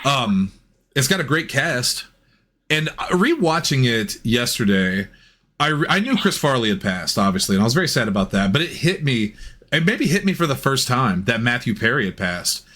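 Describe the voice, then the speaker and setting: A man's voice: medium pitch, big pitch swings, normal speed, sharp tone. A man co-hosting a podcast, rambling in a casual film review chat, laughing easily and swearing. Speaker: podcast co-host.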